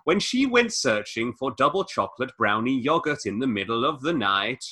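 A man with a husky voice, hosting a comedy podcast and reading a novel aloud in an arch, mock-dramatic way between bursts of banter. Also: mid-range voice, big pitch swings, moderate pace, sharp tone. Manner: reads in an arch mock-dramatic voice, breaks into laughter.

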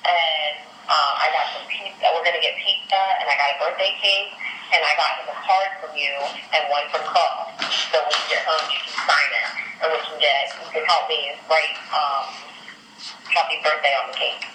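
A woman's voice: low-pitched, fairly even intonation, moderate pace, reverberant, noisy background. A woman talking with her young child on a casual phone call, patient and reassuring.

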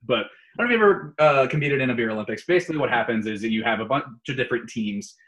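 Man, podcast co-host, lively pitch, playful quiz-giver. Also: rapid-fire, low-quality recording. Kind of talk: casual podcast chat.

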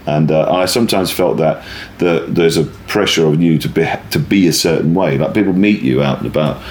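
A middle-aged man in casual conversation, telling stories in a rambling, self-interrupting, animated way. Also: a bass voice, brisk, a little hiss or hum. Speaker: guest, performer.

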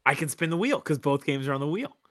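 A man's voice: on the high side, sing-song, fast, fairly bright tone, no echo. A man hosting a casual sports podcast, laid-back and teasing, steering the segments along. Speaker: podcast host.

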